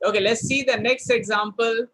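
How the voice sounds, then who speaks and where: A man runs an online vocabulary lesson in a fairly high voice. He says words over and over to drill how they sound, and he slips into Hindi to explain them. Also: steady tone, moderate pace, bright, forceful tone, low-quality recording. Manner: drills pronunciation, switches between English and Hindi. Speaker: spoken English teacher.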